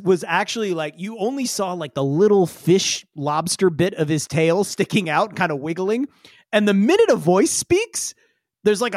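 A man's voice: high voice, no echo, studio quality. A man running a tabletop role-playing game as game master, narrating with many casual fillers. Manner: lively, many fillers like "like" and "kinda".

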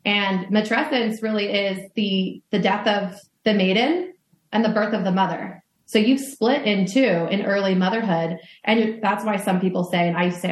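A woman's voice: medium pitch, moderate pace, echoey room. A woman motherhood coach speaking candidly in a podcast interview, swearing casually and talking in metaphors.

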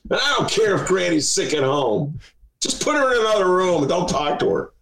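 A man voicing a bossy male talking horse, barking orders slowly and loudly. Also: sits high, sing-song, creaky, pitched above the performer's own voice, heavily acted. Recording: roomy echo.

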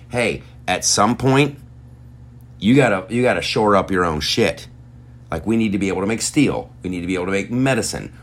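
A low-voiced man rants on a podcast, swearing freely and dripping with sarcasm. His pitch swings widely as he jabs through his complaints. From United States. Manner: profane, heated, sarcastic ranting. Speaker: podcast host. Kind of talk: ranting podcast monologue.

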